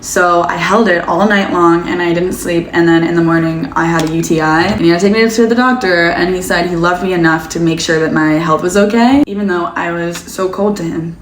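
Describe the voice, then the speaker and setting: A woman's voice: lowish voice, fairly even intonation, fairly quick, few pauses. Chatty young woman telling a story. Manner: casual, chatty, many "like" fillers. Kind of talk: story time vlog. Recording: echoey room, faint background noise.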